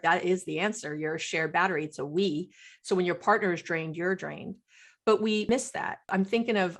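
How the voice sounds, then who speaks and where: A middle-aged woman psychologist, a podcast guest, explaining relationships in lively talk and acting out what partners say. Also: on the low side. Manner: animated, acts out quoted partners.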